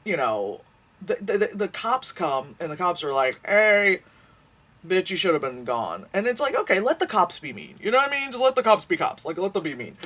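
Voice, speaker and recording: Brief: foul-mouthed vlog reviewer, mid pitch, very animated swings, rambles and restarts constantly. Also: fairly quick, slightly rough, recorded from a distance. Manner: profane, rambling, lots of fillers and restarts. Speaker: movie reviewer. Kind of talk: casual rambling movie review rant.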